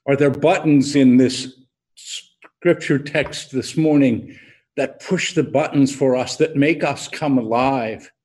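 A man preaching a sermon as an unhurried storyteller, pausing deliberately as he leads into his point. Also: mid-range voice, darkish tone. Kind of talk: sermon with a told joke.

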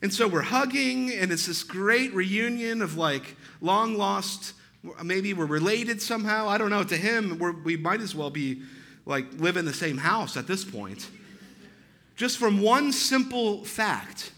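A man's voice: high voice, animated, measured pace, bright, forceful tone. A male pastor telling a story in a sermon, chatty and self-deprecating, with frequent "right?" asides.

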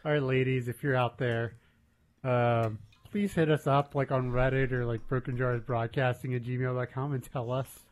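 This medium-pitched man talks at a normal pace with little pitch movement. He's a married podcast co-host in a relaxed TV-episode recap, chatty and curious, asking questions and frequently laughing.

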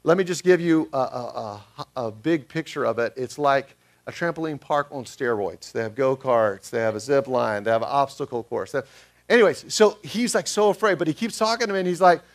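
A man's voice: medium pitch, animated, brisk. A male pastor giving a sermon in a conversational way, asking the congregation questions.

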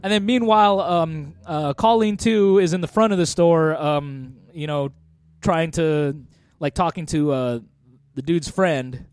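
A man's voice: a little high, a little slow, a little mellow, smooth, no echo. A man on a podcast casually recapping a movie, rambling with lots of fillers and frequent laughter. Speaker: podcast co-host.

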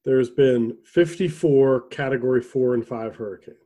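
A man co-hosting a casual podcast chat, rambling with restarts and throat clearing. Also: medium pitch, moderate pace, warm tone. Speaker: podcast co-host.

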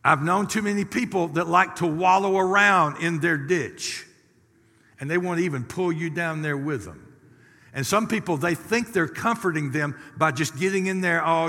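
Preacher man, middle-aged, bright and forceful, folksy with big loud swells, long church-hall reverb. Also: on the high side. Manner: lively preaching with sudden loud rises and folksy asides. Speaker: pastor. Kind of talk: sermon.

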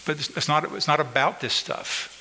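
Speaking at normal speed, this pastor's slightly high voice sounds pushed and bright as it fills a large hall. He drives his sermon home with repetition, speaking straight to his congregation and pointing out individuals. Recorded in a church sanctuary, the audio is poor with a bit of hiss or hum.

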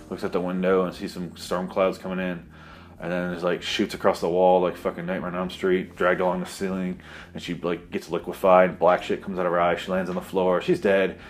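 A man with a very low voice rambles through a movie recap, full of sarcasm and swearing. He drifts into asides and mock voices as he goes. Faint music plays quietly underneath. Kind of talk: comedic movie recap monologue.

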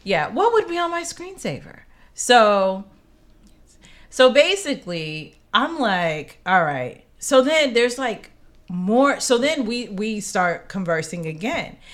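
A woman co-hosting a podcast, telling a personal story in casual chat, acting out quotes with slangy, expressive asides. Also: a little high, slow. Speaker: podcast co-host.

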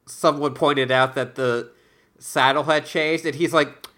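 A man with a slightly raised, bright voice weighs in at a slow, easy pace. He gushes a little about the story as he adds to the recap. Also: on the high side, steady tone. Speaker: podcast co-host. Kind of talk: casual book-club chat.

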